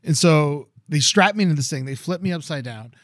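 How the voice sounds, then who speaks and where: Man, casual storyteller, profane, acts out voices, slightly high voice, dry close mic. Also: fairly quick, no echo. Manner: animated, profane, acts out quotes in raised voice. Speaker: podcast co-host.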